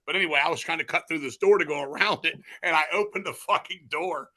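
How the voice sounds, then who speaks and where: A man being interviewed, telling stories in a rambling, excitable, profane way, restarting his sentences often. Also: a little high, fast talker. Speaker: interview guest, metal musician. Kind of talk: casual storytelling chat.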